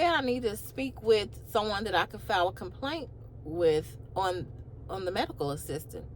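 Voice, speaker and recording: A woman with a mid-range voice speaking at normal speed tells a personal story from her car, with a slight hiss or hum in the recording. She animatedly plays the other end of a phone call, tossing in asides that climb with disbelief.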